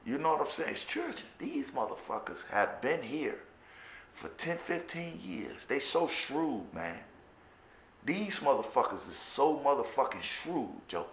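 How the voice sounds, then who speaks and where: A man's voice: mid-range voice, sing-song, measured pace, fairly bright tone, slight background noise. A man with a Chicago accent telling his own life story in a candid, profane way, often stammering and repeating words. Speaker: formerly incarcerated storyteller. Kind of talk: candid personal storytelling monologue. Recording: roomy echo.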